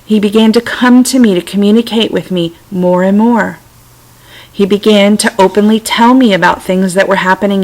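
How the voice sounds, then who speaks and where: A middle-aged woman talking gently and reflectively to her computer's webcam at home, with self-amused asides. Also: medium pitch, rough recording. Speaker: vlogger sharing personal stories. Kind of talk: casual spiritual talk to camera. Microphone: computer webcam mic.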